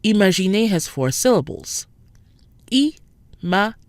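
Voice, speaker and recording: Female language teacher, deep, deliberate delivery, dry close recording. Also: expressive, no echo. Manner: clear, deliberate, slows to model sounds. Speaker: French pronunciation teacher. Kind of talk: scripted lesson narration.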